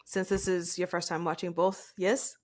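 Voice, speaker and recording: A woman's voice: on the low side, little pitch movement, normal speed. A woman hosting a podcast in casual chat, laughing easily and leading into segments. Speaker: podcast host.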